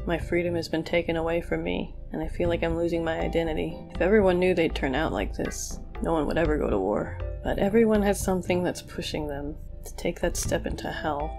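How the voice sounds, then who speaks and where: A woman's voice: fairly low pitch, creaky, darkish tone. A woman reading the lines of a weary one-legged male war veteran in a plain, reflective way.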